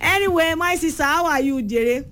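A Nigerian woman hosts a call-in radio game show with a high voice. She teases callers and chats freely, switching languages mid-sentence. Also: moderate pace, fairly bright tone, slight background noise. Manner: teasing, chatty, switches between languages.

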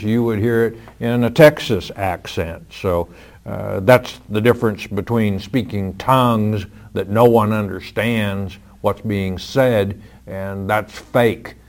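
A man answering listeners' Bible questions in a firm, measured, plain-spoken way. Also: lowish voice, a little mellow.

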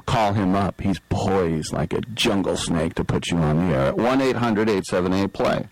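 A man's voice: deep voice, animated, moderate pace, no echo, rough recording. A middle-aged man hosting sports talk radio, telling a rambling story and acting out the people in it. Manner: rambling storyteller, acts out quoted voices. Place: radio studio. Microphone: studio microphone.

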